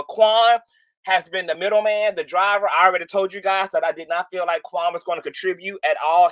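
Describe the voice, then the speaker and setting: A man's voice: high-pitched, a bit bright, no echo. A man hosting a livestream, talking in a dramatic, exclaiming way with lots of slang. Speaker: livestream host. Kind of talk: animated gossip livestream.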